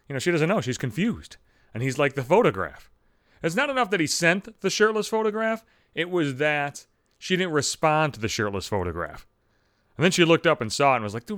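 A man hosting his own show, telling a profane comic story in an animated rant and swearing freely. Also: on the high side, no room sound, studio quality. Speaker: host.

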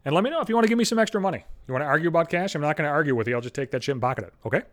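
A man's voice: on the high side, expressive, racing. A man hosting a solo podcast, rambling through a casual monologue full of profanity. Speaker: podcast host.

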